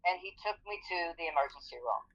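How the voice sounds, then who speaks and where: A woman's voice: low voice, expressive, fast. A middle-aged woman, an interview guest, telling her personal story in an earnest, vivid way. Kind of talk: personal testimony in conversation. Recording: dull lo-fi audio.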